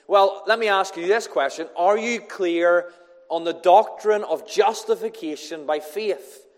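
Guy doing a frustrated heaven supervisor, pushy questions, voice a bit up, big echoey hall. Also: sits high. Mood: questioning. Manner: pressing, rapid questions.

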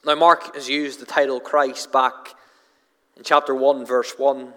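A man's voice: mid-range voice, level tone, measured pace, pushed and bright. A man preaching an expository sermon in an earnest manner, often repeating words as he drives home a point. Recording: long hall reverb.

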